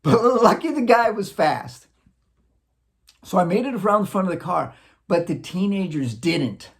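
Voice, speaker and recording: Man from Wisconsin, casual storyteller, gravelly voice, lots of rise and fall, acts out sound effects. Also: high-pitched, unhurried. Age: adult, looking back on childhood. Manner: animated, acts out sounds, chuckles often. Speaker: vlogger.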